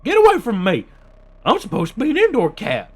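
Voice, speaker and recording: A man voicing a panicked indoor cat that yells in a shrill, frantic voice. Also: wildly swooping pitch, a little fast, slightly rough, heavily acted.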